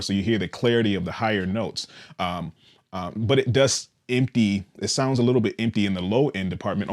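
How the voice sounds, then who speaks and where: A man casually demonstrating and explaining a bass guitar's controls, in a relaxed, explanatory way with frequent "all right" checks. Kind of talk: casual instructional demo.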